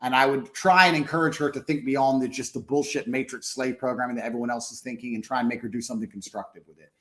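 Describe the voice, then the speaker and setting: Blunt, profane man talking fast. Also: mid-range voice, fairly even intonation, a bit bright. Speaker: podcast guest. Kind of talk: casual podcast conversation.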